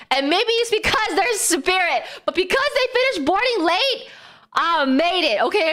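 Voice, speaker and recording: A woman streamer telling a story to her chat in a casual, animated way, swearing a lot and bursting into quick rants and shrieks. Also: high-pitched. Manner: animated, exaggerated, lots of swearing; breathless rapid bursts with sudden shrieks.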